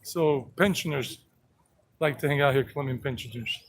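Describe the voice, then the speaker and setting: A man's voice: medium pitch, moderate pace, poor audio. A man giving a playful, chatty walking-tour vlog outdoors in a town square. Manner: chatty, playful, talks to animals. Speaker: travel vlogger and tour guide. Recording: outdoor street noise.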